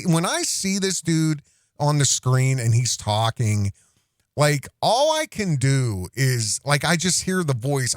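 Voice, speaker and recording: A man's voice: fairly high pitch, dry recording, studio quality. Rambling man hosting a commentary show. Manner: rambling and self-interrupting, with restarts and asides. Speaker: host.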